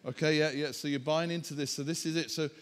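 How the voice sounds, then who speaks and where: A man preaching a sermon, animated and self-mocking, chatting with the congregation as he works through a demonstration. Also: a little high, quick pace. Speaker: pastor. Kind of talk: sermon with props. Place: church hall.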